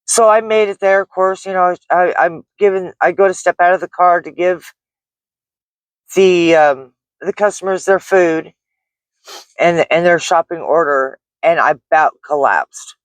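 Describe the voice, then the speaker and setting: A woman's voice: on the low side, measured pace, no echo. A middle-aged woman, a delivery driver, recounting a frightening experience in a rambling vlog story full of restarts and fillers. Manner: rambling, shaken retelling with many restarts and fillers.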